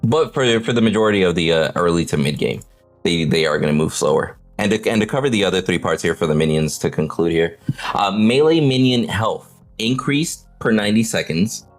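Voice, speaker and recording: Deep, lively man hosting a game panel. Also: a little fast, soft background music. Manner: energetic, swears, keeps asking "right?". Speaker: host of a game update panel. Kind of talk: casual livestream chat on game patch notes.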